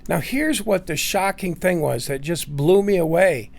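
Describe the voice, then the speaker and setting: A man's voice: sits high, measured pace, vocal fry. A middle-aged man casually telling a long personal story, rambling with many fillers and restarts.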